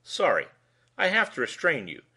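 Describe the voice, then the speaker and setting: A man's voice: a little high, wildly swooping pitch, moderate pace, pushed and bright, slightly rough, voice pushed up, full character voice. A man voicing a sly, amused male police lieutenant who talks in a wordy, mock-formal way.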